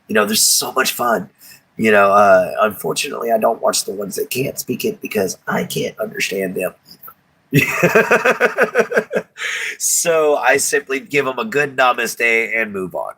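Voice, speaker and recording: Livestream host, low husky voice, forceful, folksy and rambling, chuckles a lot. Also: male voice, poor audio. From Texas. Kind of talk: casual chat with live viewers.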